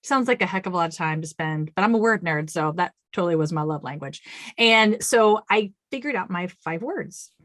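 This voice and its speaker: A woman's voice: on the low side, lively intonation, brisk, a bit bright, dry recording. A woman guest on an interview podcast, telling stories with animation and acting out her own quotes. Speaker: author guest.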